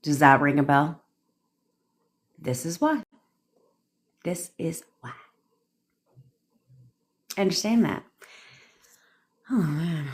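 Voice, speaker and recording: Hosting a livestream, a manifestation coach talks casually and bluntly, swearing plenty and answering commenters by name. Her voice sits low and is very animated, unhurried, with long pauses.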